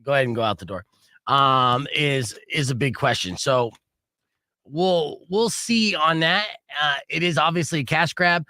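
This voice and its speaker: Man, radio host, bright tense voice, relaxed casual talk, dry studio sound. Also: on the high side, measured pace, no echo.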